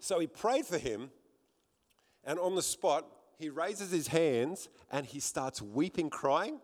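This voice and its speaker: A high-voiced male pastor preaching with fervour to a congregation. He often repeats words as he builds toward a point. His voice carries a long reverb from the church hall. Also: animated, slow pace. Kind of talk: sermon.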